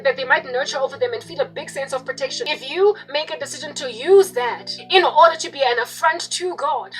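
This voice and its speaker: A woman's voice: high-pitched, a bit bright, rough recording. A young woman in her twenties giving an impassioned religious monologue, fervent and emphatic, repeating her warnings. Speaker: Christian video preacher.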